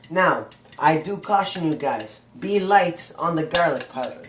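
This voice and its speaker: A young man clowns through a cooking demo in his home kitchen, playful, boastful and chatty like the host of a comic cooking show. His fairly high voice is expressive and unhurried. The roomy kitchen echoes with clattering dishes, faint cutlery and pan clatter, and background noise.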